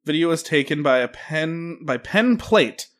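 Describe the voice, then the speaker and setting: A man's voice: on the high side, lively intonation, a little slow, fairly bright tone. A man on a casual podcast reading a news article aloud, stumbling over words and laughing between sentences. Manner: reads aloud with stumbles and giggles.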